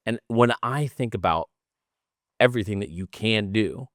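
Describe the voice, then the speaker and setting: A man's voice: on the low side, normal speed, fairly bright tone, dry recording, studio quality. A man hosting a health podcast, asking long, rambling questions in a casual interview. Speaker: podcast host.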